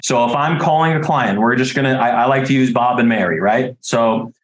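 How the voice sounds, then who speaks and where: A man's voice: mid-range voice, a little fast. A man giving a training talk to life insurance agents, direct and coaching, checking in often with "okay?" and "right?". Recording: roomy echo.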